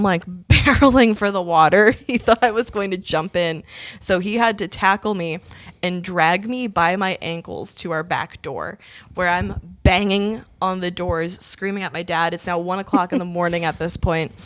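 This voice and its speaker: A woman's voice: lowish voice, normal speed, dry recording. Laughing young woman telling a wild story. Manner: animated, laughs often, swears freely. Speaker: podcast co-host. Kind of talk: casual storytelling.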